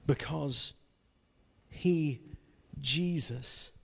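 A man's voice: fairly high pitch, extremely slow, gravelly, husky. A man preaching a sermon, retelling a story dramatically and often repeating his words. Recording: long reverb from a large hall.

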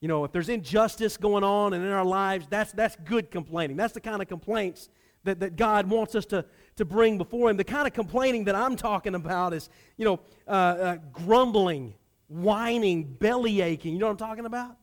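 Preaching to his congregation on a Sunday, a man with a fairly high voice speaks at a normal pace. His animated delivery swings between loud emphasis and hushed, low murmurs.

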